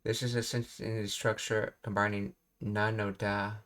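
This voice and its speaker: Male tutor, low steady voice, talks through grammar notes with pauses and fillers. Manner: thinks aloud with fillers, reads explanations. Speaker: language teacher. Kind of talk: casual language lesson.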